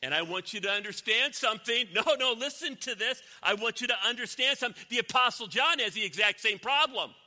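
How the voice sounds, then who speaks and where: Animated preacher, high bright voice. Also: male voice, a little fast, few pauses. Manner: animated, swinging from loud exclamations to near whispers. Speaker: pastor. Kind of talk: sermon.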